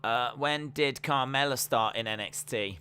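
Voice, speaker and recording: A man's voice: mid-range voice, unhurried, bright, forceful tone. A man hosting a casual wrestling watch-along stream, chatting and reading out viewer comments. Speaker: live stream host.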